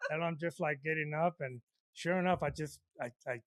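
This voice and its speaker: A man's voice: on the high side, a little fast, fairly bright tone, dry recording, clean studio sound. A man co-hosting a comedy podcast, telling a rambling story and leaning on fillers. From El Paso, Texas, US. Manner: rambling, full of "you know" fillers. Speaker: podcast co-host.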